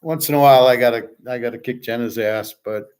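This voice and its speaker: A middle-aged man holds forth in a rambling monologue on his own show. His voice sits at an ordinary pitch, and he sounds blunt and sure of himself, stumbling into repeated words as he rants. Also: fast, a little mellow, clear, resonant tone. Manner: blunt, self-assured, repeats words while ranting. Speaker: podcast host.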